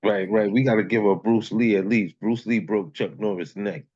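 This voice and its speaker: A man with a very low voice hosts an online open mic, keeping the banter relaxed and encouraging as he calls up performers. The sound is dry and muffled, like lo-fi call audio. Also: moderate pace, no room sound.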